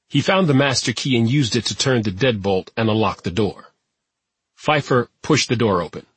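A man narrating an audiobook at a steady, even pace. His voice is mid-pitched with a noticeably husky, breathy grain. The recording is dry and close, with no room sound. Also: no echo. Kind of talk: scripted narration.

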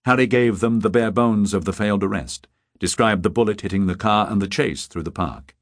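Deep-voiced male audiobook narrator. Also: fairly quick, no echo, clean studio sound. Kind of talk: scripted narration.

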